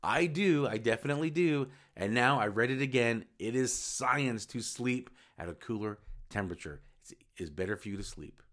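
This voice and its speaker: A man's voice: mid-range voice, animated, moderate pace, a bit bright. A man hosting his own podcast, talking casually and rambling a little as he restarts and corrects himself. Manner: rambling, self-correcting, informal. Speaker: podcast host. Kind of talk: casual solo podcast talk.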